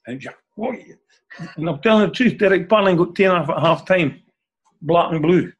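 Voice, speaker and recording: A man's voice: a little high, normal speed, long pauses, breathy edge. An older man with a Scottish accent, an interview guest telling anecdotes in a chatty way and ending phrases with a questioning "eh?". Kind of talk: anecdotal storytelling.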